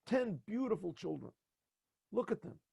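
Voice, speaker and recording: A man's voice: high voice, very animated, moderate pace, gravelly, darkish tone, breathy edge, dry recording, voice pushed up, heavily acted. A man voicing a grateful innkeeper in a storytelling, talking eagerly and proudly.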